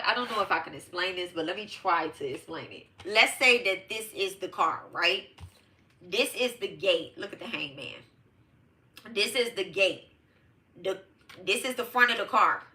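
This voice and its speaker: Addressing her live tarot-show audience as y'all, a middle-aged Detroit woman shares a personal story in a casual, emphatic, profane way. Her voice is medium-pitched, pushed, and bright.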